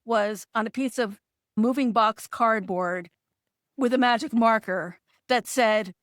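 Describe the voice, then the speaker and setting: A woman being interviewed as a podcast guest. She tells a story in an animated way, acting out the dialogue and laughing now and then. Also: medium pitch, unhurried, no room sound, clean studio sound.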